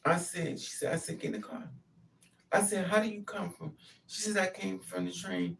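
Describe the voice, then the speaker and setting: Gravelly-voiced woman telling a story. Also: lowish voice, moderate pace. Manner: animated, acts out quotes. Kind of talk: casual storytelling monologue. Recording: distant mic with faint noise.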